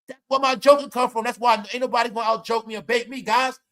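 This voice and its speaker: A man hosting a livestream, talking loudly in rambling, profane commentary, often saying "y'all". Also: extremely high pitch, steady tone, fast talker. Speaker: livestream host. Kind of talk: profane stream-of-talk commentary.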